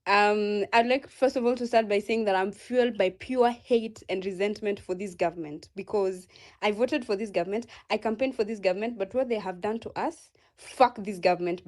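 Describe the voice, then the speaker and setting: A woman's voice: mid-range voice, a little mellow. A woman with a Kenyan accent giving a furious, profane protest speech in an online audio space, rallying listeners.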